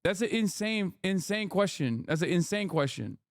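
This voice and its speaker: 30s guy streamer, kinda high voice, swears a lot, super heated and incredulous, dry close mic. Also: expressive, normal speed, dry recording. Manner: heated, profane, incredulous rants. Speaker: political streamer. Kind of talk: casual livestream commentary.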